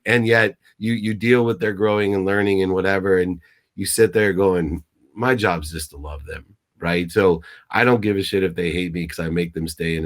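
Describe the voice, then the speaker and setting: A middle-aged man speaking as a guest mentor, telling stories emphatically with many restarts and sounding choked up. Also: deep voice. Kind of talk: motivational interview talk.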